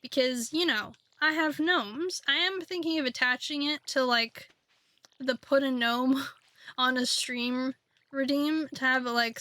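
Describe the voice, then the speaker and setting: A woman's voice: high voice, unhurried, sharp tone, dry recording. A woman streaming a game, chatting in a rambling, playful way with lots of fillers. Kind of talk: casual chat while streaming a game.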